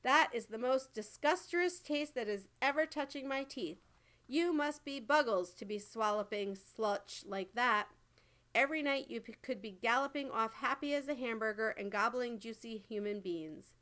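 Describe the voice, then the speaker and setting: A woman voicing a brutish, greedy male giant who booms and bullies in broken grammar, in a storybook reading. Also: moderate pace, hardly any pauses, sharp tone. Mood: roaring. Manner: booming, bullying, mangled grammar.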